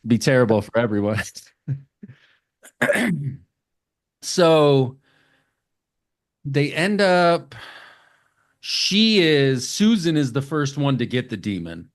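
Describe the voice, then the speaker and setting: Podcast co-host, casual recap, swears, quick silly voices for characters. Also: male voice, mid-range voice, sing-song. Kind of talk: casual movie recap chat.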